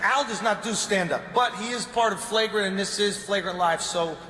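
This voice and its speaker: A man's voice: high-pitched, normal speed, noisy background. A male stand-up comedian doing a brash live set, slipping into put-on accents, recorded in a large venue. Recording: echoey live venue with loud crowd.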